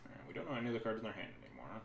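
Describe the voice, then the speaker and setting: This home streamer talks fast and very animatedly over a card game, his fairly low voice full of vocal fry. The room echoes a bit and there's slight background noise as he chats, rambles, and breaks off mid-sentence.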